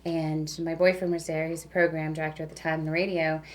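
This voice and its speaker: A woman with a low, level voice talks quickly as a guest, a radio DJ casually telling stories. She's chatty and full of fillers like "like" and "you know," and there's a little hiss or hum in the audio.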